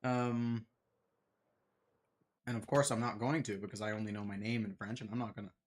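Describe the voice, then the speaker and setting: A man's voice: lowish voice, fairly even intonation, moderate pace. A man streaming a game, chatting in a rambling, self-deprecating way and laughing often. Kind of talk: casual chat while gaming.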